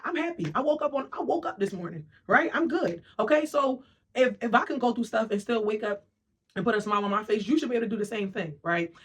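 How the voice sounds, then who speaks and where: Fast-talking emphatic motivational speaker. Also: medium pitch, slightly rough. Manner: emphatic, keeps asking "right?" and "okay?"; acts out quoted voices of other people. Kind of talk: motivational monologue.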